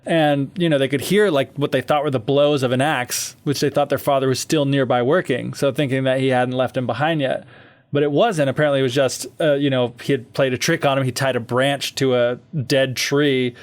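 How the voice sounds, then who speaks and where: A man's voice: medium pitch, steady tone, a little fast. A man co-hosting a podcast, loosely retelling a fairy tale in casual chat, full of fillers and easy laughter.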